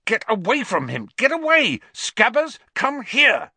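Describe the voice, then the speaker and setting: A man voicing a panicky, hot-tempered teenage boy wizard in an audiobook, hissing and shouting. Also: on the high side, very animated, a little slow, slightly rough, no room sound, voice pushed up, full character voice. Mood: frantic shouting. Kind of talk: audiobook character voice.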